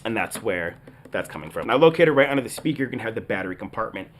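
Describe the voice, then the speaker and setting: A man's voice: fairly low pitch, big pitch swings, rapid-fire. A man chatting enthusiastically to his viewers while reviewing a toy helmet. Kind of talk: product review vlog.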